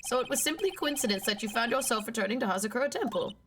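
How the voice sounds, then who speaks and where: A woman voicing a formal, stern male prosecutor in a measured tone. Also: fairly high pitch, animated, noisy background, pitched above the performer's own voice, close to an everyday voice. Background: game music.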